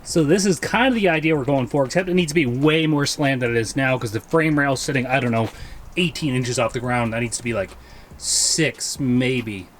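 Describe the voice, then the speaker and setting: A man's voice: mid-range voice, normal speed. A man casually narrating his garage build in an offhand, joking way, with the odd swear. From Canada. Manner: joking, offhand, mildly profane. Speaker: vlogger building a drag lawnmower. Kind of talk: casual workshop vlog. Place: home garage workshop. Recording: echoey garage, faint noise.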